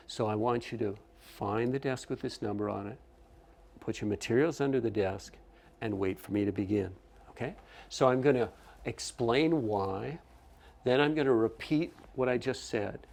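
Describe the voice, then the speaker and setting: Here a man with a fairly low, slightly mellow voice and noticeable vocal fry lectures at a teacher-training workshop. He explains as he goes, repeatedly asks "okay?", and makes frequent restarts and self-corrections.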